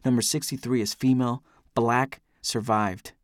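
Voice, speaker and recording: A man's voice: medium pitch, fairly even intonation, normal speed, dry recording, studio quality. A man giving an intense, brooding first-person audiobook narration.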